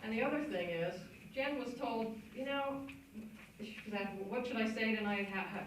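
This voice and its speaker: Woman emcee, casual joking introductions, booming hall echo, distant mic, background murmur. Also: moderate pace, background noise. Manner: casual and joking, loose asides. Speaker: awards ceremony emcee. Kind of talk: introducing hall of fame inductees. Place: banquet hall. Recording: echoey hall recorded from far off.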